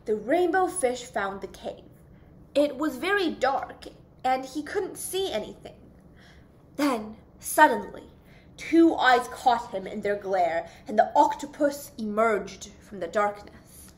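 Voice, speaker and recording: Young woman, high voice, slow, expressive children's story read-aloud. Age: young adult. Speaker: youth volunteer reading aloud.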